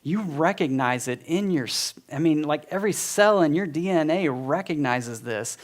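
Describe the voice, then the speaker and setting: A man's voice: on the high side, expressive, moderate pace. A man in his forties giving a personal testimony at a church gathering, telling his story in a heartfelt, conversational way with many fillers. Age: 40s. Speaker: speaker at a church community.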